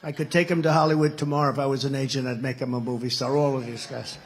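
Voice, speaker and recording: A man's voice: medium pitch, level tone, fast. A man in his seventies with an American accent, giving a rambling, repetitive keynote speech at a party meeting. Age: 70s. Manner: rambling, repetitive, boastful asides. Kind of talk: political rally speech, anecdotal storytelling. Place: indoor event venue.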